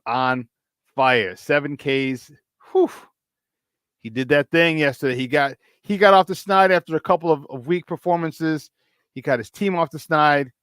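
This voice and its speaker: A man with a Chicago accent hosting a morning sports talk show, talking in an energetic, chatty way and repeating himself for emphasis. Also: medium pitch, dry recording, studio quality. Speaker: sports radio host.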